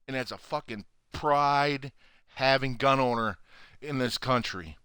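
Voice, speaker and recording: A man hosting his own channel, ranting furiously to camera from home with heavy swearing and loud outbursts. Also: mid-range voice, clean tone, dry recording, studio quality. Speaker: channel host. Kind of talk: angry profane rant to camera.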